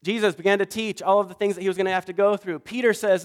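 A pastor giving a sermon, telling stories in an animated way and acting out the quoted voices. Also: male voice, high-pitched, fast, few pauses. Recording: long reverb of a large hall.

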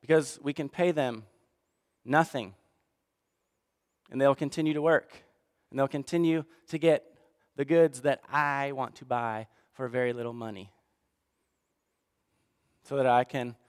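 A man preaching a sermon, swinging between hushed asides and fired-up outbursts. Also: mid-range voice, big-room sound. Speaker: pastor.

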